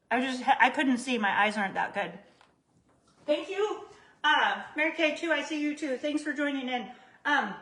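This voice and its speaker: Woman, home cook on a livestream, casual and self-mocking, bright voice, echoey kitchen, often off-mic. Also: high-pitched, animated, normal speed, far from the mic. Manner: chatty, self-deprecating, greets viewers by name. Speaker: jewelry maker cooking on a livestream. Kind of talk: casual live cooking chat.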